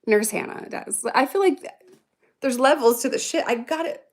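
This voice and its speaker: At a moderate pace and in a high voice, a woman in her thirties chats casually on her livestream. As a vlogger responding to viewer comments, she rambles, swears, and laughs often while reacting out loud.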